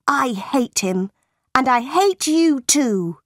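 A woman's voice: fairly high pitch, unhurried, no room sound, studio quality. A woman voicing a defiant ten-year-old orphan girl, speaking earnestly in an audiobook.

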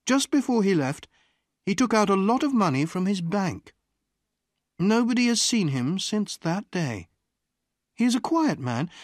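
Husky, slow audiobook narrator, dry close mic, lively intonation. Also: mid-range voice, dry recording. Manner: clear, deliberate storytelling. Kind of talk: scripted narration.

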